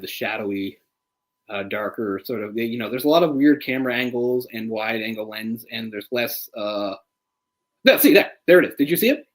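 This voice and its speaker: A man co-hosting a casual live movie commentary, chatty and opinionated, getting heated and animated as he picks apart the adaptation. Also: lowish voice, low-quality recording. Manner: opinionated, gets heated and animated when ranting; chatty, full of "like" and restarts. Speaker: film commentary co-host.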